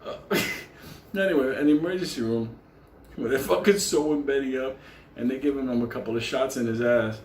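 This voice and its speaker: A man's voice: mid-range voice, fairly quick, a little mellow. Male storyteller, foul-mouthed and giggly, roomy echo with faint background hum. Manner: swearing constantly, laughing through the story. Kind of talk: casual profane anecdote. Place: indoor room on camera.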